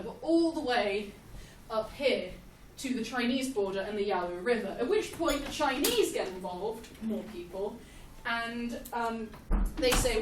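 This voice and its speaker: A young woman giving a casual, jokey history lesson, animated and laughing often. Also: fairly high pitch, far from the mic. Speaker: history explainer. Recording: echoey room, off-mic, faint hiss.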